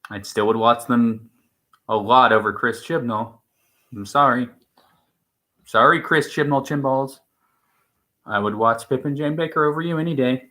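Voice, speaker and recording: A man's voice: mid-range voice, moderate pace, pauses often, bright, forceful tone. A man co-hosting a stream in casual chat, rambling and opinionated, with many restarts. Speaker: stream co-host.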